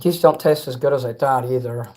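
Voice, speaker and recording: A man's voice: medium pitch, brisk, mellow. Chicago guy rambling on a livestream, reads chat, chews between lines, blunt and sweary. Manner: talks while eating snacks.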